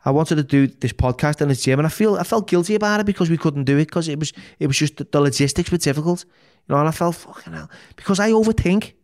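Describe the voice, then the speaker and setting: A man's voice: on the high side, fast talker, a little mellow. A man with a Liverpool accent, a podcast guest telling his life story frankly and emotionally, with plenty of swearing and false starts. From Liverpool, England. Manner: frank and emotional, heavy swearing, many restarts. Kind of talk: candid personal storytelling.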